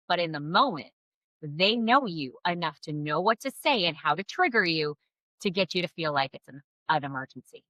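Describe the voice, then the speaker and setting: A woman giving blunt, expressive co-parenting advice straight to her viewers, swearing freely. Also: low-pitched, moderate pace, dry recording, rough recording. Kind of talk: casual advice to camera.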